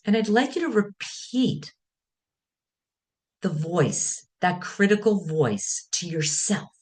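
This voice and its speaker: Woman giving a calm, lively guided talk. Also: mid-range voice. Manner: calm, guiding, speaks in short measured phrases. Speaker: wellness speaker.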